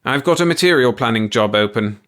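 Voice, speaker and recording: A man voicing a stern, calculating male manager who speaks in a measured way. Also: mid-range voice, lively intonation, fairly bright tone, natural voice.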